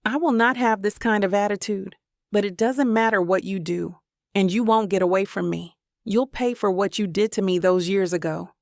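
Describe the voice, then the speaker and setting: A woman gives voice to a wealthy young man who is bitter and set on revenge. His threats come out cold, with a gravelly edge. The sound is dry and close. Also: mid-range voice, moderate pace, no echo, natural voice.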